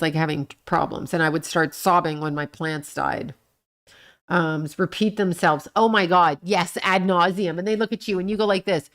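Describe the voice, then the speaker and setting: A woman's voice: lowish voice, fairly bright tone. A middle-aged woman hosting a casual livestream, answering chat comments and ranting bluntly with plenty of swearing. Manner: blunt and profane, rants and swears at the people she discusses; talks back to chat comments. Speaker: livestream host reading chat.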